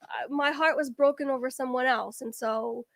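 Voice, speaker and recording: A woman's voice: sits high, fairly even intonation, moderate pace, dry recording. A woman guest on a casual game-show chat, telling a long, winding story. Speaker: guest contestant.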